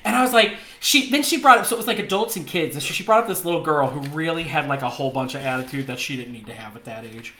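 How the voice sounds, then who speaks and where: Bright-voiced man telling a story in a roomy room. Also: fairly high pitch, fast talker, few pauses. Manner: animated, laughs often, mimics others in the story. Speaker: podcast co-host. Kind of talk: casual storytelling chat. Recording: roomy echo.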